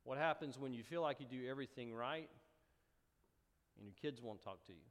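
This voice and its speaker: A man preaching a sermon, animated and storytelling with rising emphasis. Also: mid-range voice, brisk. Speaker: pastor. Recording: long hall reverb.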